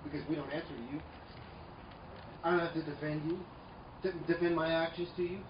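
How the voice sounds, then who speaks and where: A man delivers an emphatic sermon, pressing his points with loud bursts and dropping into quieter asides. His voice sits fairly high for a man. The recording is muffled and roomy, caught from a distance with faint ambience behind. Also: steady tone, a little fast, noisy background. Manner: emphatic, swings between loud declarations and low asides. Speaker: preacher. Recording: echoey room, mic far off, dull sound, faint ambience.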